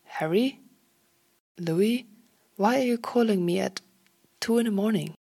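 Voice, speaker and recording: Woman reading as a gentle young man roused from sleep, soft and a touch gravelly. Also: mid-range voice, unhurried, pitched above the performer's own voice.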